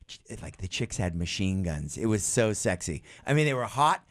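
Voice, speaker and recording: A middle-aged man, a guest musician, telling tour stories on a radio show in an animated way, swearing and acting out other people's lines. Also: lowish voice, moderate pace, no room sound. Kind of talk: casual storytelling on a radio show. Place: radio studio.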